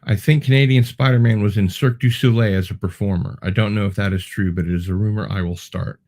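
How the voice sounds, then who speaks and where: A man with a slightly low voice hosts a casual livestream and reads out viewer comments. He wanders off on tangents and fills his pauses with ums and false starts. Dry, playful asides come through now and then. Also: fairly even intonation, darkish tone. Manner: rambling and digressive, with many ums and restarts. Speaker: show host.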